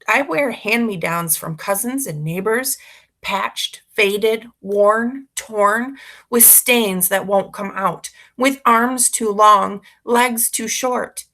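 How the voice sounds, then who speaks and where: A woman's voice: mid-range voice, slow pace, a bit bright. A woman reading a children's story aloud expressively, narrating as a boy. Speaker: reader for schoolchildren.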